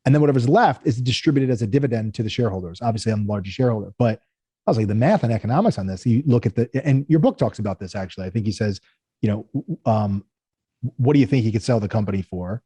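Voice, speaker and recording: A man's voice: lowish voice, lively intonation, fast, mellow, husky, no echo. A man, a company founder, tells stories in a casual interview, acting out the people he quotes in raised voices.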